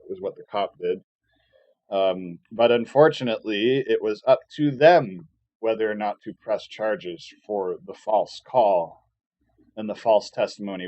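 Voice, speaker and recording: A man's voice: lowish voice, steady tone, moderate pace, darkish tone, no room sound, muffled recording. A man streaming a casual, rambling rant full of filler words and profanity, often sarcastic and mocking. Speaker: live streamer. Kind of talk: casual ranting monologue.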